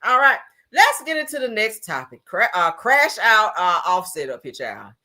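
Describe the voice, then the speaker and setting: Sassy woman gossip host, bright sharp voice, pitch jumps all over, laughing loud. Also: sing-song, normal speed. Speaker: commentary channel host. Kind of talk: casual gossip commentary.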